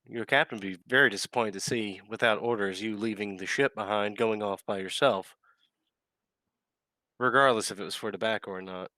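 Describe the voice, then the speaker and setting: A calm older man with a cane lectures with stern authority, played by a man at a gaming table. The voice is low yet forceful, and the sound is dry. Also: a little fast, dry recording, poor audio.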